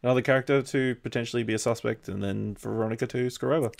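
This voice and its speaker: A man with an ordinary mid-range voice co-hosting a relaxed review discussion. He speaks in short, easygoing remarks and often fills in details for his partner. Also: mid-range voice, racing, vocal fry. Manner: brief, laid-back interjections. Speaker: podcast co-host. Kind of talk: casual review chat.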